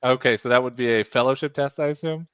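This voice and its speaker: A man's voice: mid-range voice, quick pace, fairly bright tone, clean tone, no echo. A man playing a tabletop game, speaking casually and often stumbling and restarting his words. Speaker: player.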